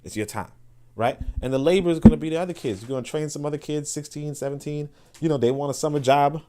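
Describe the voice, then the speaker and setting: A man hosting a podcast, talking in an animated, casual way with frequent restarts and asides to listeners. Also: fairly high pitch, fast. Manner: laughs and asks listeners for agreement. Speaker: podcast host. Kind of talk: casual monologue.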